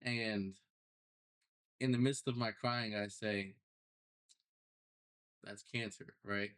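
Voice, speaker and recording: A young man, a podcast guest, telling his personal story in a casual, animated way with loose slang. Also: lowish voice, slow. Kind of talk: storytelling interview.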